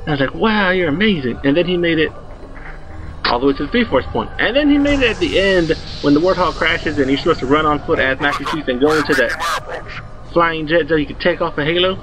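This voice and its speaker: A man in his twenties rambling through a story while commenting on his gameplay, excitable and swearing freely. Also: on the high side, fast talker, low-quality recording. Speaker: let's play host.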